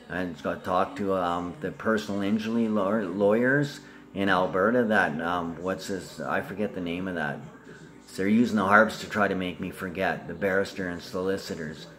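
A man's voice: sits low, a bit bright. A man talking in a long rambling monologue, swearing freely and jumping from topic to topic.

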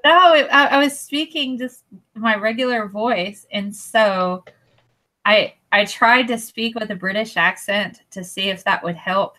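A woman's voice: medium pitch, measured pace, bright, forceful tone. A woman, chatting playfully in a casual group conversation.

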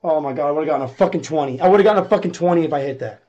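A man live-streaming his gambling, swinging between low muttered gloom and loud shouted hype, swearing constantly. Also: very fast, lo-fi sound.

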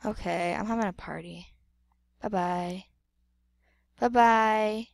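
A woman's voice: mid-range voice, a little slow, no echo, clean studio sound. A woman giving playful, dramatic gameplay commentary, exclaiming and repeating words. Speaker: gamer.

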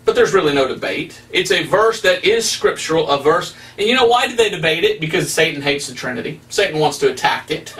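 Male evangelist, fairly high voice, emphatic preacherly delivery, mic a little far off. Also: lively intonation, brisk, fairly bright tone. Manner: emphatic, preacherly, with rising stresses. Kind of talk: preaching Bible study.

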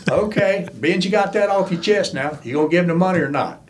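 An older man, telling animated, folksy stories as a guest in a podcast interview. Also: sits high, fairly quick, a little hiss or hum. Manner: folksy, animated storyteller who acts out quoted voices. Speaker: interview guest, former crew chief.

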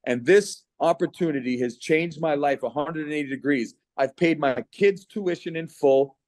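A man's voice: on the high side, moderate pace, darkish tone, no room sound. A middle-aged man from Canada giving an earnest, persuasive personal testimonial on a video call. His voice catches with emotion as he speaks.

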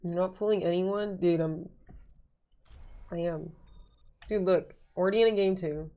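A woman streaming a game, chatting casually, excitable and joking with herself, swearing often. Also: on the low side, measured pace. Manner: excitable, swears a lot, jokey self-talk. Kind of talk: casual gaming stream chat.

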